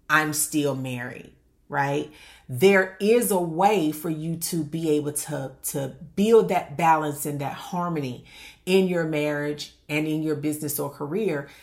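A woman with a slightly low voice gives a motivational talk to successful women, coaching them through marriage trouble. She speaks emphatically and keeps asking rhetorical questions, now and then calling the listener "honey.". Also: a little mellow. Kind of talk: motivational monologue.

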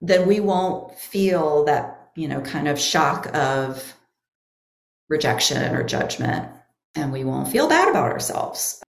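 A woman with a low voice explains inner parts like a therapist, slowly and thoughtfully. Her voice rings in a roomy space. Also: very animated, vocal fry. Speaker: guest therapist. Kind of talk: podcast conversation.

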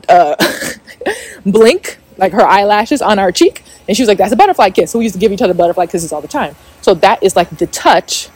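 A woman's voice: medium pitch, a little mellow, no room sound. A woman hosting a casual spiritual podcast, talking in a chatty way with lots of fillers and frequent swearing. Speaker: podcast host.

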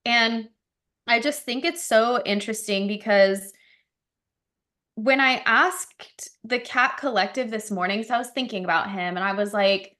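Bright-voiced chatty woman podcaster. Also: on the high side, moderate pace. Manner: animated storytelling, lots of "like". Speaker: podcast host. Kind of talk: casual chat.

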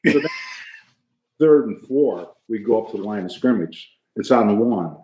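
A man's voice: on the low side, animated, a little slow, dark tone, roomy sound, dull audio, slight background noise. An older man telling funny stories from his playing days in a casual, laughing way. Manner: jokey, laughing storyteller. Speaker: guest, retired football player. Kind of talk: casual storytelling.

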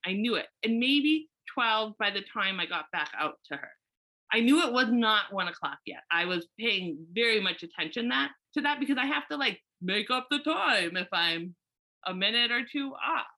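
A woman hairstylist telling a story in casual chat, animated and full of "like" and restarts. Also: on the high side.

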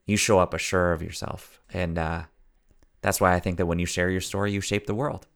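A man's voice: low voice, level tone, brisk, vocal fry, a bit bright. A man hosting a podcast as a story coach, speaking earnestly in a preachy, motivational way and repeating phrases for emphasis.

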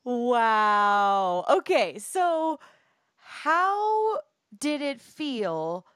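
Woman host, bouncy pitch, takes her time, pretty dry sound. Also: sing-song, drawn-out words, clean tone, no echo. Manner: warmly reactive, exclaiming. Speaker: podcast host. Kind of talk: casual chat.

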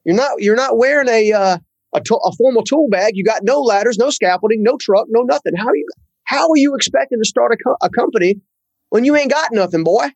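A man's voice: very high-pitched, expressive, brisk, husky, no echo, highs cut off, pitched above the performer's own voice, full character voice. A man voicing an older, blunt boss from the American South who scolds in a folksy way. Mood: scolding.

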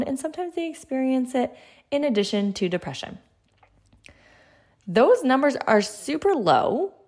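A woman in her thirties hosting a casual solo podcast, talking in a chatty, conversational way, laughing lightly now and then. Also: sits high. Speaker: podcast host.

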